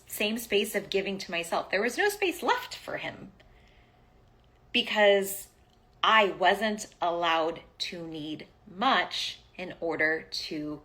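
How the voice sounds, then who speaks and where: A woman in her forties, a podcast host telling a personal story in a candid, animated way, cursing casually. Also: fairly low pitch.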